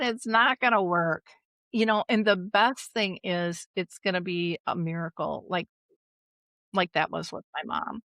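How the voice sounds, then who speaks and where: A middle-aged woman, a guest on an interview podcast, telling personal stories in an animated, emotional way and acting out the voices in them. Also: fairly low pitch, unhurried, no room sound. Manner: animated, emotional storyteller who acts out voices. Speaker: guest, dementia caregiving advocate. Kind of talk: conversational storytelling.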